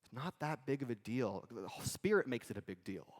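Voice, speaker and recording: A man's voice: mid-range voice, moderate pace. Man preaching in a reverberant hall. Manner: conversational, animated preaching with casual asides. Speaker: pastor. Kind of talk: sermon. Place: church sanctuary.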